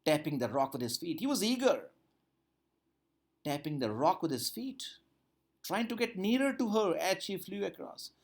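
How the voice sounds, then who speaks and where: The teacher's voice is high, with big pitch swings, a moderate pace, and long pauses. Teaching English from a textbook story, he reads each line, then goes back over it, paraphrasing with increasing emphasis.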